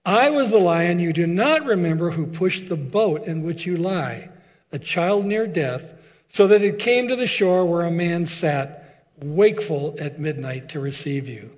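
A calm, solemn lion voice speaks slowly from the mist, as a man reads it aloud. The sound is dull and lo-fi, with a long echo trailing behind. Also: a little high.

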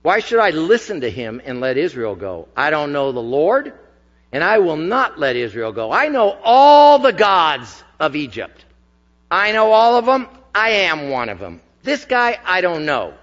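A man's voice: on the high side, very animated, measured pace, a bit bright. A man voicing an arrogant Egyptian king who dismisses the challenge with boastful scorn, in a dull recording with long hall reverb. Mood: scornful.

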